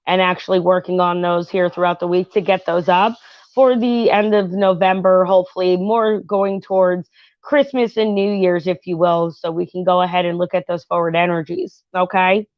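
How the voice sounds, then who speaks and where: At home, a chatty woman who hosts a channel reads tarot and comments on reality TV, rambling with fillers and frequent asides to her viewers. Her middle-pitched voice has fairly even intonation and a moderate pace. The recording is dry, slightly dull and lo-fi, with no echo.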